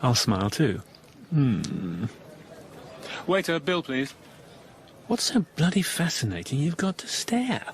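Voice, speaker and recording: A wry, sardonic husband. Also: male voice, medium pitch, big pitch swings, takes it slowly, long pauses. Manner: dry, mocking humour. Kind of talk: radio drama acting. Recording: radio broadcast with hiss.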